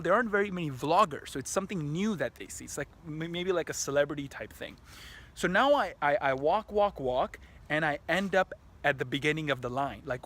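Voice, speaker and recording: A man vlogging outdoors at a park tennis court, telling a story to his camera in an excitable, rambling, profane way full of restarts. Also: on the high side.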